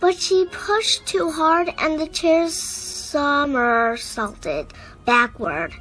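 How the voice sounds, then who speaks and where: A woman storyteller reading a picture book aloud to children in an expressive way. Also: high-pitched, extremely slow, soft background music, low-quality recording.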